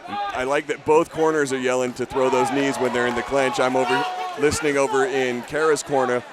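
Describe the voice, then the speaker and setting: A man's voice: medium pitch, steady tone, fairly quick, a loud crowd, very noisy. Chatty male fight commentator. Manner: stammering restarts, upbeat and chatty.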